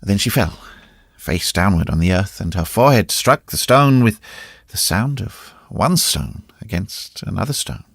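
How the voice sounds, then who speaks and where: Gravelly male audiobook narrator. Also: fairly low pitch, moderate pace, no room sound, clean studio sound. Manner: dramatic, expressive reading. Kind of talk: scripted narration.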